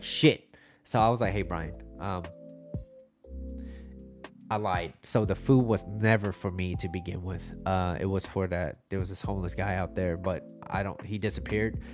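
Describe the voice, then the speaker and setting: A young man from the United States chatting casually on his livestream, rambling through stories and reading out viewer comments. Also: medium pitch. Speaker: livestream host.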